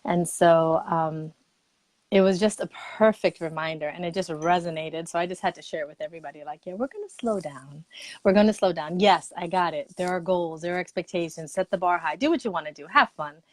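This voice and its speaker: Lively woman telling a story. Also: fairly low pitch, a little fast, no room sound. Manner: animated storyteller, acts out own quotes, laughs easily. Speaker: guest expert. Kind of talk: casual livestream chat.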